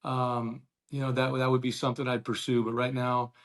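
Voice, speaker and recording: A middle-aged man, a former ballplayer, guesting on a casual podcast chat, speaking earnestly and warmly and often restarting his sentences. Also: medium pitch, level tone, brisk. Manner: earnest and warm-hearted, with frequent restarts. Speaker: guest, former baseball player.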